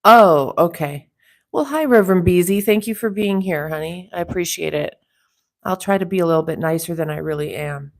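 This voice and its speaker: A woman's voice: lowish voice, moderate pace. A woman hosting a casual livestream chat, reading out viewer comments and teasing them in a chatty way. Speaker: livestream host.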